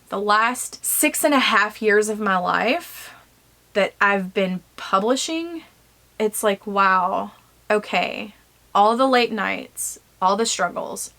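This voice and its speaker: Woman, self-published author, vlogging alone in a home office; candid, rambling, mid-pitched voice. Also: a bit bright. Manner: frank, rambling, many fillers like "like". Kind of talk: candid vlog talk to camera.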